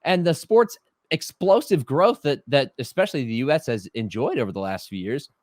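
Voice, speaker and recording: A young man co-hosting a sports podcast, excitable and joking, rambling as he talks. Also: mid-range voice, moderate pace, no room sound, studio quality. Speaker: podcast co-host. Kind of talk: casual sports podcast chat.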